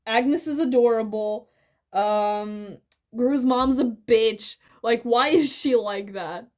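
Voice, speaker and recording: Slow, rambling woman talking. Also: fairly high pitch. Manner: rambling, many fillers and restarts, blunt swearing. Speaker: video essayist. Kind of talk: casual spoken commentary.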